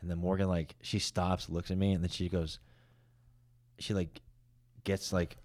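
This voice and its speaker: A man's voice: sits low, little pitch movement, a little slow, darkish tone, no echo. A young man on a podcast, rambling through crude stories in casual chat. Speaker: podcast co-host.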